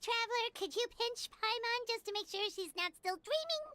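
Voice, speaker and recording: A woman voicing a tiny, excitable floating companion in a video game, chirpy and talking about herself in the third person. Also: very high-pitched, moderate pace, crowd noise. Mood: amazed.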